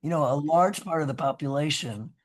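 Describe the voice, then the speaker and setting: A man's voice: on the high side, brisk. A man with a scratchy voice, a professor giving a rambling, earnest talk on a video call, with frequent restarts and "you know". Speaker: guest speaker, professor. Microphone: video call microphone.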